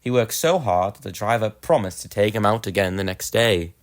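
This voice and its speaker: A man narrating a children's storybook in a gentle, expressive way. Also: lowish voice, normal speed.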